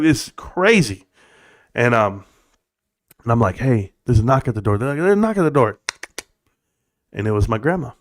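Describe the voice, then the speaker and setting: A middle-aged man hosting a casual livestream, joking, laughing and swearing, then settling into a quieter tone to tell personal stories. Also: mid-range voice. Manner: goofy, laughing, swearing, bursts of put-on voices. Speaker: livestream host.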